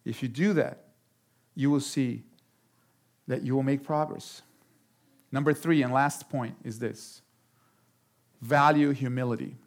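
A man preaching a sermon as pastor, talking in an animated way and jumping up in pitch for emphasis. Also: a little slow, long pauses. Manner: animated, jumps high for emphasis.

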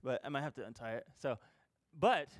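A man preaching a sermon as a youth pastor. He is animated and informal, swinging between loud emphasis and quiet, self-deprecating asides. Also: mid-range voice, a little fast.

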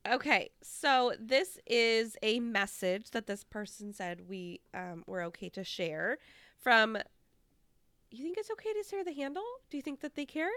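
A woman's voice: fairly high pitch, very animated, a little slow, fairly bright tone, clean tone, dry recording, clean studio sound. A woman co-hosting a podcast, reading out a listener message with chatty asides. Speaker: podcast co-host.

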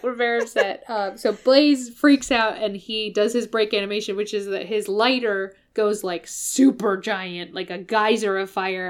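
Woman host chatting through a story recap, lively, mid pitch. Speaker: podcast host. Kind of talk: casual recap with quoted voices.

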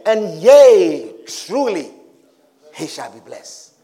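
A man preaching while voicing an alarmed old father, who shouts slow, drawn-out biblical lines. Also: high voice, very animated, voice pushed down, full character voice. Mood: solemn.

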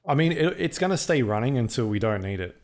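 A man's voice: mid-range voice, sing-song, fast talker. Laid-back rambling podcast co-host man. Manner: rambling, laid-back explaining with many fillers. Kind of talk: casual chat.

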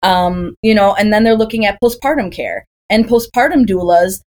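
Chatty woman telling lively stories. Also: mid-range voice, moderate pace. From Green Bay, Wisconsin, USA. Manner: chatty, lively storytelling with rhetorical questions. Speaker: doula, podcast guest. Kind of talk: casual podcast conversation.

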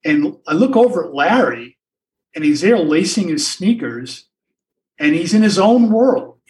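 A man's voice: high-pitched, sing-song, unhurried, a little mellow, recorded from a distance, poor audio. An older man, a sportswriter guest, telling stories in a rambling way with many restarts and asides. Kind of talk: anecdotal storytelling in a podcast interview.

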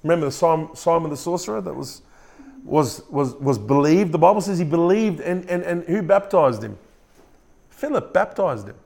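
A man's voice: fairly high pitch, expressive, normal speed, creaky, a little mellow. A male pastor preaching a sermon, often repeating and restarting words and putting questions to the congregation. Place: church room with a congregation.

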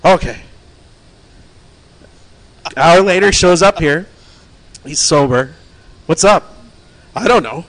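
A man's voice: fairly high pitch, lively intonation, slow, pauses often, a bit bright. A man telling a long story among friends in casual chat, acting out the quotes, laughing often and swearing freely.

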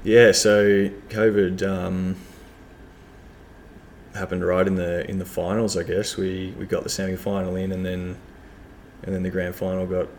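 A man, a club cricketer talking casually in an interview, relaxed and rambling with lots of fillers. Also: deep voice, a little slow, slight background noise.

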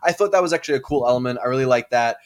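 A man's voice: mid-range voice, rapid-fire. A man co-hosting a podcast in casual chat, rambling and hesitant, full of fillers and restarts. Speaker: podcast co-host.

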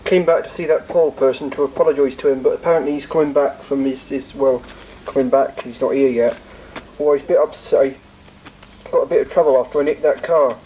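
A man's voice: medium pitch, steady tone, brisk, dark tone, slight background noise, close to an everyday voice, low-quality recording. Man doing a bumbling, apologetic car thief. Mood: sheepish. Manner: rambling, hesitant.

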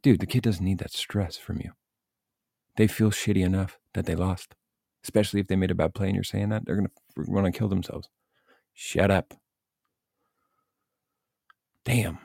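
A man's voice: low voice, normal speed, creaky, long pauses, slightly rough, no echo, studio quality. A man giving blunt, profane coaching advice in a casual rant, speaking as a youth baseball coach and parent. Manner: blunt, profane, animated venting.

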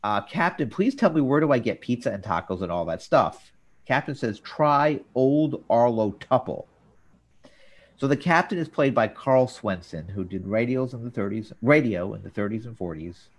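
A man hosting a casual talk show, recapping scenes and jumping into quoted lines with an animated delivery. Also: moderate pace. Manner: animated, jumps up in pitch for quoted characters. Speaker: podcast host.

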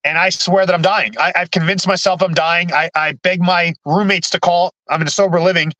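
A man, a podcast guest, telling his own story candidly in halting speech full of restarts and repeated words. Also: high voice, steady tone, sharp tone, no room sound, rough recording.

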